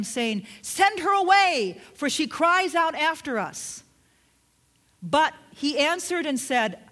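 A woman's voice: on the high side, a bit bright. A middle-aged woman preaching a sermon, emphatic, repeating key phrases and asking the congregation direct questions.

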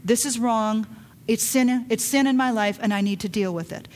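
A middle-aged woman preaching a sermon, emphatic, dropping to hushed lines and rising to loud urgent calls. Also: a little high, moderate pace. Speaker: pastor.

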